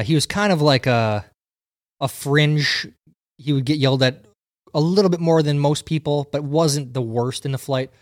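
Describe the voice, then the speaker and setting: A man's voice: mid-range voice, no room sound. A young man hosts a laid-back podcast, telling funny stories and breaking into laughter often. He swears casually. His voice sounds dry and close to the mic. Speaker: podcast host. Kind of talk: casual podcast chat and storytelling.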